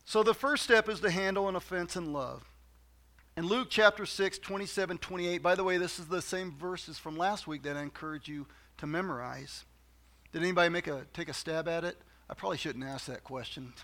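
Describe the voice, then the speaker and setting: High, bright-voiced man preaching a sermon. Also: brisk. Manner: conversational, repeats phrases for emphasis, asides to congregation. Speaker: pastor.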